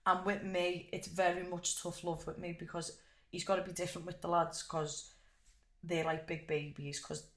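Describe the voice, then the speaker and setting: A young woman, chatting as an interview guest and telling stories in an animated way with plenty of swearing. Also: fairly low pitch, moderate pace. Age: young adult. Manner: animated storyteller, swears freely. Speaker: guest fighter. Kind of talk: casual interview chat. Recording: echoey room.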